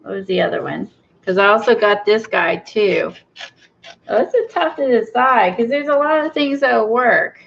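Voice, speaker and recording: Hosting a craft video, a woman with a fairly high, slightly bright voice and vocal fry talks at a moderate pace with lively intonation. Her casual chat mixes thinking aloud with gushing over small finds, all captured in dull, lo-fi sound.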